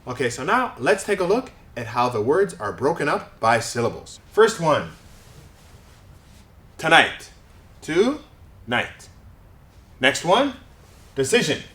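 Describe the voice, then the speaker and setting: Lively male pronunciation teacher, roomy sound. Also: fairly high pitch, measured pace, long pauses. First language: English. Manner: clear, exaggerated word demonstrations. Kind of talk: pronunciation lesson.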